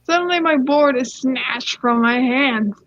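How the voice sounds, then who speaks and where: A woman's voice: high-pitched, a little slow, a bit bright, no room sound. A young woman casually reading online stories aloud, giggling and rambling off into side comments. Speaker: story reader. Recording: dull lo-fi dry mic.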